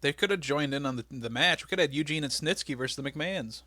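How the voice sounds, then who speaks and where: Male podcast co-host, bright and fairly high, dry close mic, playful mock-outraged banter. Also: quick pace, dry recording. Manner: joking, laughs often, bursts of mock outrage. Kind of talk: casual chat.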